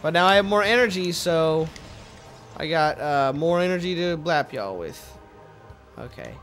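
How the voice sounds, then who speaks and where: A high-pitched man narrates his own gameplay in a loose, chatty way. He drops into quiet mumbling, then bursts into frustrated yelling and swearing. Faint music plays underneath. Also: lively intonation, unhurried. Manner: swings from mumbling to frustrated shouting, swears freely. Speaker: let's play host. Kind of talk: casual gameplay commentary.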